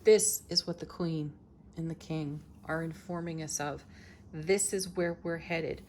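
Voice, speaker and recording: A woman host giving a daily tarot reading, speaking in a slow, soothing and affirming way, with soft laughs between cards. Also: deep voice, steady tone, slight background noise. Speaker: tarot reader, channel host.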